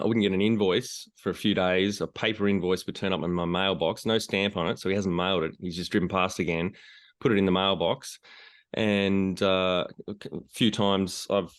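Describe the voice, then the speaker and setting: A low-voiced Australian man chatting as a podcast guest. He talks in a relaxed, plain-spoken way, heard over a remote call. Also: smooth. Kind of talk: casual podcast interview.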